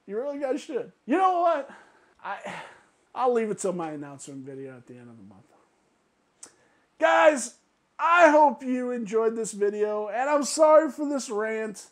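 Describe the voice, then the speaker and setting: A woman's voice: high voice, big pitch swings, moderate pace. A woman delivers an exasperated vlog rant, swearing freely and repeating phrases for emphasis. She laughs between jabs and keeps driving her point home as the channel's host. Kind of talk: ranting vlog commentary.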